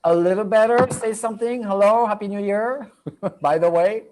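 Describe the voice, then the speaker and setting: A man's voice: high-pitched, moderate pace. A middle-aged man with a French accent, hosting a live video-call show as a medium in a chatty, rambling way. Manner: chatty, rambling, repeats himself. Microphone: computer mic on a video call.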